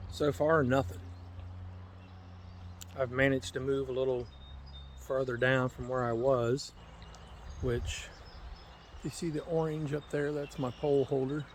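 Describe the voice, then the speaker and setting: A man's voice: mid-range voice, fairly even intonation, measured pace, pauses often, a little hiss or hum. A man chatting casually on a fishing vlog, folksy and jokey, walking by a river with a handheld camera. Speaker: fishing vlogger. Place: outdoors by a river.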